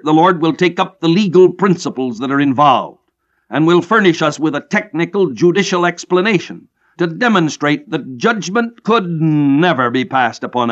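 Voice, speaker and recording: Man teaching scripture, kinda high voice, slow and emphatic on the big words, muffled lo-fi tape. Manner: measured, emphatic, slows down on key phrases. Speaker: preacher. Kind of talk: expository Bible teaching. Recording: dull lo-fi recording.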